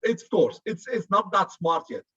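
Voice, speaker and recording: A man's voice: high-pitched, very animated, moderate pace, sharp tone, breathy edge, highs cut off. Joking Arabic-accented male lecturer. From Arab region. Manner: chatty, joking, says "good" often. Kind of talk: classroom lecture.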